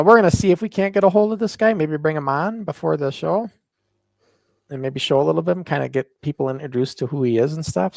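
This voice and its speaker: A northern US man co-hosts a wrestling podcast, boasting and teasing in casual banter full of rambling and fillers. His voice is a little high, creaky and somewhat mellow, with no echo.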